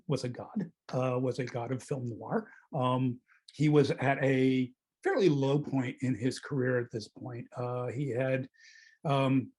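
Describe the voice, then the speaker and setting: A middle-aged male film critic leading a relaxed film club talk. His voice is husky and mid-pitched, and he wanders through his points with pauses and self-corrections. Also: low-quality recording. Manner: discursive, hesitant, self-correcting. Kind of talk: casual film discussion.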